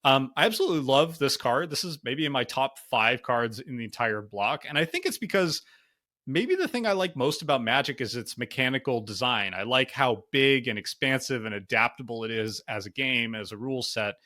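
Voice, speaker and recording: Guy cohosting a card review podcast, talks with a lot of um and like, really animated pitch. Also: fairly quick. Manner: animated, thinks aloud with many fillers. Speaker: podcast co-host. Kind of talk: casual card game review chat.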